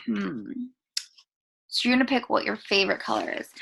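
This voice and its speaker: A woman teaching a remote writing lesson to kindergarteners, speaking slowly in a sing-song, encouraging teacher voice to young children. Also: mid-range voice, animated, creaky, a bit bright, breathy edge. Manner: slow, sing-song teacher talk addressed to small children.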